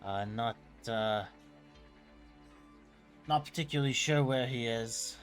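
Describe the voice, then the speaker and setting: A man voicing an elderly woman shopkeeper, worried and weary, talking haltingly with many pauses and fillers. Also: mid-range voice, faint music behind, lightly acted.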